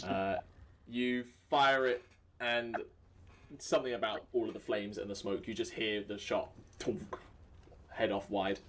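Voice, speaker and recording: A man's voice: on the low side, a little slow, slight background noise. Welsh man narrating a tabletop game. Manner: relaxed, rambling narration with many fillers. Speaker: dungeon master.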